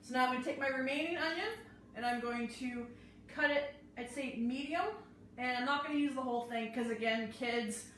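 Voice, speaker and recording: A woman's voice: sits high, fairly quick, fairly bright tone, a little hiss or hum. A woman hosting a live cooking class, chatting her way through each step as she chops and prepares food in a kitchen. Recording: very echoey room, mic far off.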